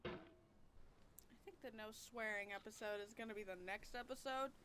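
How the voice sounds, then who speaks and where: A woman's voice: a little high, normal speed, heavy background noise. A woman doing let's-play commentary, exasperated and cursing at the game. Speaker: gamer.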